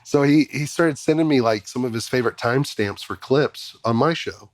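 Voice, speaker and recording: A man talking as a podcast guest, an animated storyteller who laughs often. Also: medium pitch, moderate pace, no room sound. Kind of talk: casual conversation.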